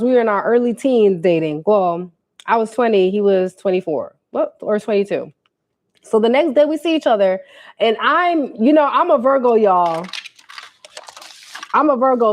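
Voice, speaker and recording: A young woman, telling a casual storytime on a livestream and acting out what people said. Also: fairly high pitch. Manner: animated, quotes people in put-on voices, talks to viewers. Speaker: livestream host.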